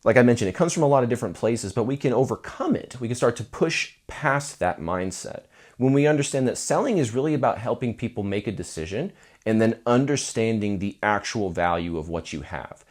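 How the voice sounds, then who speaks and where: A man giving casual talking-head advice to musicians as a music business coach, playful and animated, acting out mock sales pitches. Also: a little fast.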